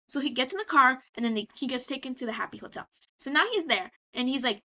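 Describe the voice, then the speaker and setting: A woman's voice: sits high, fairly quick, pushed and bright. A tipsy woman rambling sassily as she recaps a show in a casual vlog. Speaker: vlogger.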